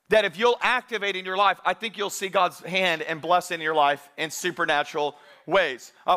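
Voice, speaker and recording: A man's voice: high-pitched, sharp tone. A man preaching a sermon as pastor, talking conversationally to his congregation and reading scripture aloud with emphasis.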